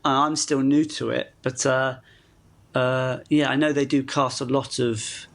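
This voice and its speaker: Male actor guest from the UK, mid-pitched, chatty, self-deprecating, laughs mid-story. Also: little pitch movement, unhurried, gravelly, fairly bright tone. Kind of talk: casual interview chat.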